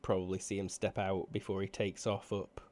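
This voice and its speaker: A man running a tabletop role-playing game as game master, relaxed and often stumbling over his words. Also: deep voice, moderate pace.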